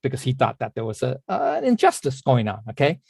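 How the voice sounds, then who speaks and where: A man's voice: mid-range voice, wildly swooping pitch, fast, gravelly, darkish tone, slightly rough, dry recording. Rambling man teaching in a dry voice. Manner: rambling, many restarts and repeated words; apologetic asides when losing the thread. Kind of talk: casual storytelling in an online class.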